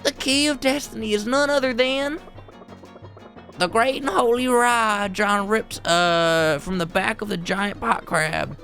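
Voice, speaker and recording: A woman's voice: on the high side, a little slow, fairly bright tone, faint music behind. A woman voicing a pompous, theatrical male adventurer who tells grandiose tales in a melodramatic way. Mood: boastful.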